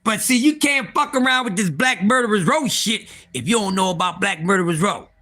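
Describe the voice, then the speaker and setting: A man hosting a casual livestream, excitable and profane, talking straight to his viewers and often repeating and restarting. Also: high-pitched, fairly quick. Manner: excitable, profane, talks to chat. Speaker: livestream host.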